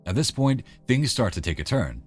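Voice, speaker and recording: A man's voice: medium pitch, very animated, normal speed, soft background music. A man giving wry, conversational scripted narration.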